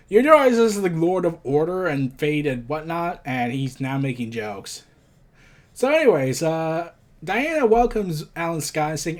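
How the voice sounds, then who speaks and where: A rambling man with a higher voice, reviewing comics. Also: very animated, a little slow. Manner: rambling, stumbling asides. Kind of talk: casual commentary reading a comic aloud.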